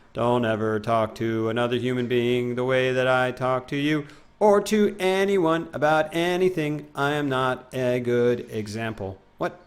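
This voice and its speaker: A young man streaming a game live, chatting casually with his viewers and rambling, self-mocking, often trailing off into mumbles. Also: medium pitch.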